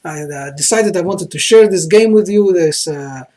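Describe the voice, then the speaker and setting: A man's voice: sits high, moderate pace, warm tone. A man with a put-on Croatian accent that sounds Russian, talking through his own chess game casually, hesitant and full of filler sounds as he often corrects himself.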